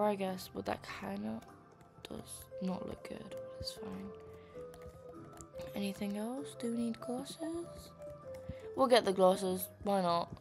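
Young woman, casual gaming vlog, chatty and filler-heavy, soft murmurs, faint music behind. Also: medium pitch, gravelly. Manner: chatty, filler-heavy, quiet murmuring while she works. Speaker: gaming vlogger. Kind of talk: casual gameplay commentary.

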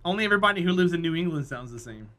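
A man with a high, very bright, sharp voice chats casually with his stream viewers. He jokes and teases, and laughter keeps breaking into his talk. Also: animated, racing. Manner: joking, teasing, laughs often. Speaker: live streamer.

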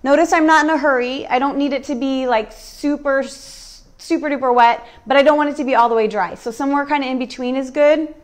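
A woman demonstrating furniture painting on a live stream, talking through each step in a relaxed, chatty way. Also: sits high, brisk, hardly any pauses. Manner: relaxed, chatty, thinking aloud. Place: warm indoor workshop.

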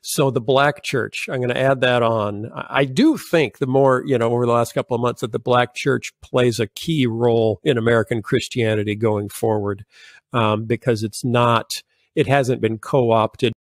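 A man's voice: mid-range voice, fairly even intonation, moderate pace, dry recording, studio quality. A man chatting casually in a conversation, thoughtful and correcting himself as he goes.

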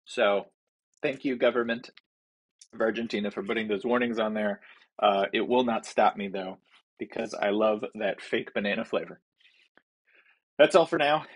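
This is a man with a somewhat low, husky voice hosting a small food review vlog. He rambles casually and fills his talk with ums and uhs. He keeps poking gentle fun at himself as he reviews a snack. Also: moderate pace, long pauses. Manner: rambling and self-deprecating, many fillers. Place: home basement.

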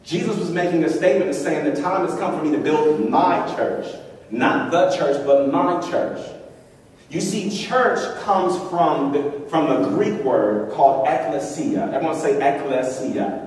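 A male pastor preaches an emphatic sermon in a church hall, unhurried, his voice a little high with a darkish tone, acting out quotes and inviting the congregation to respond. The distant mic captures an echoey hall and slight background noise.

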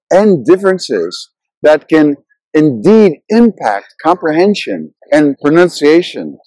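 A man hosting a language channel, narrating a scripted lesson in an explanatory way and slowing down to sound out example words. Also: a little high, darkish tone, no echo, rough recording.

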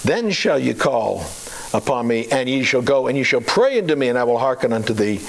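A man preaching a sermon, chatty and full of fillers and rhetorical questions, slowing down to a deliberate cadence for scripture readings. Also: medium pitch, very animated, vocal fry, poor audio. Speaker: pastor.

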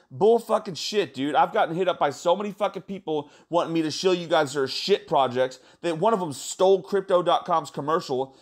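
A man talking fast and excitedly in a casual vlog, swearing a lot and calling his viewers "guys.". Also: a little high. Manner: excited, profane, repeats "guys". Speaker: crypto YouTuber.

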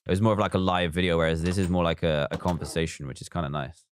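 A man's voice: low voice, fairly even intonation, fast, a little hiss or hum. A man live streaming a building game, chatting casually, reading viewer comments aloud and counting blocks as he works.

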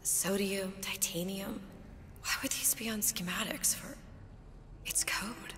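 An actress playing a clever young woman who speaks in a dry, wry, quick-witted way. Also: medium pitch, in a whisper, music in the background, close to an everyday voice.

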